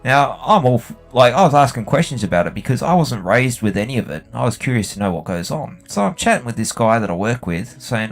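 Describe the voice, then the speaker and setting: A man's voice: mid-range voice, big pitch swings, a little fast, creaky, hardly any pauses, soft background music. A young Australian man chatting bluntly and swearing freely while he plays a game. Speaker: gaming video host. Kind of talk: casual chat while playing.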